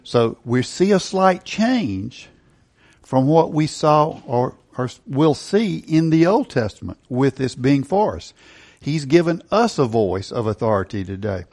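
A man's voice: mid-range voice, animated, a little slow, darkish tone. A middle-aged male pastor preaching a sermon, emphatic and asking rhetorical questions.

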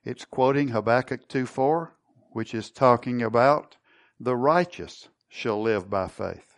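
Gravelly-voiced man preaching a sermon. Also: medium pitch, measured pace. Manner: teaching, asks the congregation questions. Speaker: pastor.

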